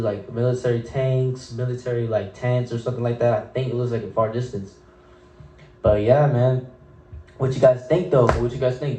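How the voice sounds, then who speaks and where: Young guy podcast host rambling, slang everywhere, dark mellow voice, sits back from the mic. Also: mid-range voice, echoey room, recorded from a distance, rough recording. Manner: loose, slangy, full of fillers and restarts. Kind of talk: casual rambling storytelling.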